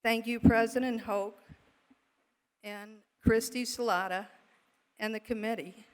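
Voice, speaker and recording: A woman's voice: a little high, steady tone, a little slow. A woman presenting an award at a ceremony in a large hall, formal and heartfelt. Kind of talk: ceremony introduction.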